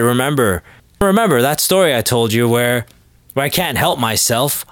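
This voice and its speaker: Brief: sardonic male podcast host, rambling comic monologue, mid pitch, dry room. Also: fairly bright tone, dry recording. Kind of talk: comedic monologue.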